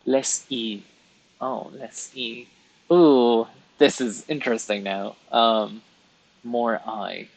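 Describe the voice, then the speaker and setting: Male streamer, chatty and self-deprecating, speaks slowly with a husky tone, mid-pitched. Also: steady tone, poor audio. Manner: chatty, rambling, laughs at himself. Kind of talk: casual chat while colouring on a live stream.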